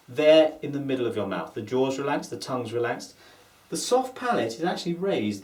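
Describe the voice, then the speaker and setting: A man with a standard Southern British accent, giving a calm, methodical lesson on voice placement and demonstrating vowel sounds. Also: mid-range voice. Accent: Standard Southern British English. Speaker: voice and accent coach. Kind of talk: instructional lesson. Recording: roomy echo.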